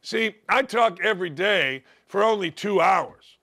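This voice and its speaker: An older man hosts a sports talk show. His voice is gravelly from days of yelling, yet fairly high and bright. He rants bluntly and sarcastically, with a combative edge. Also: expressive, a little slow. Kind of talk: opinionated sports radio rant.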